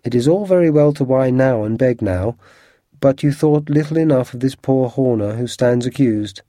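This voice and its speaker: A man reading aloud and voicing a cool, stern male detective who speaks in a measured way. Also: mid-range voice, warm tone, dry recording, clean studio sound, natural voice.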